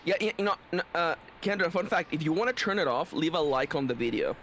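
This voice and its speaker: A man's voice: fairly high pitch, expressive, a bit bright, a little hiss or hum. A man streamer joking and rambling in casual chat while playing a game. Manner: rambling, joking, quick asides.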